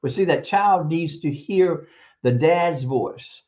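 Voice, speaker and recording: A teacher hosting a stream gives a casual but preachy, emphatic advice monologue on raising kids, repeating words for stress and chuckling now and then. The voice is middle-pitched, slow and a little mellow, and the lo-fi stream capture sounds muffled.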